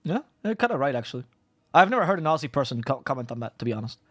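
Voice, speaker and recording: A man, an esports caster, chatting on a panel and telling stories in a fast, animated way. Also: medium pitch, no echo. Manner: fast, animated storytelling, swears and laughs often. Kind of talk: casual panel chat.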